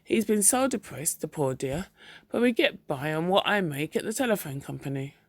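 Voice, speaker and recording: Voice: medium pitch, expressive, normal speed, dry recording, clean studio sound. A reader voicing a cheerful, pious wife who talks sweetly and patronizingly about her husband, in a storybook reading. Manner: bright, sweetly chiding.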